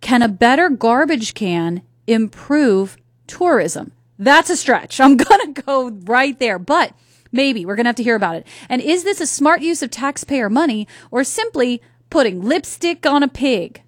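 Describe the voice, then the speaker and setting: A chatty woman radio host talks straight to her listeners in a fairly high voice, often tossing questions at them. The studio sound is close and dry. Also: expressive, unhurried, dry recording. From North Carolina. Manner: chatty, conversational, asks the audience questions. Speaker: radio talk show host. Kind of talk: solo radio talk commentary. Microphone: studio microphone.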